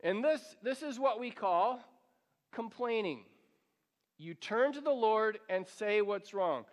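A man's voice: high-pitched, expressive, slow. A male pastor preaching a sermon, earnest and pleading, drawing the congregation into reading along. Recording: long hall reverb.

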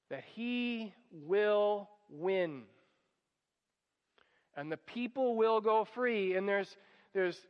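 High-voiced man preaching in a reverberant hall. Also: smooth. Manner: animated, acts out quoted voices. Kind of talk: sermon. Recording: dull sound with long hall reverb.

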